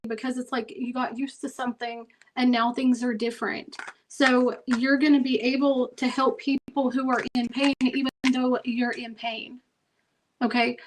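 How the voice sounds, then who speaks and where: A woman does a tarot reading for her viewers, chatty and emphatic, often checking in with "okay" and "y'all." Her voice is a little high, and the low-quality recording has slight background noise.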